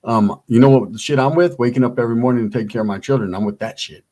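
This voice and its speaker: A man's voice: medium pitch, very fast, warm tone. Slangy man co-hosting a livestream. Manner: streetwise slang, reads chat aloud. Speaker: livestream co-host. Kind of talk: casual livestream chat.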